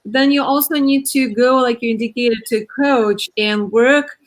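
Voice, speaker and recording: A woman host with a fairly high voice talks eagerly in an interview. She keeps checking in with her guest for agreement. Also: fairly even intonation, moderate pace. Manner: enthusiastic, repeats "fascinating" and "right?". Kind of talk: interview talk.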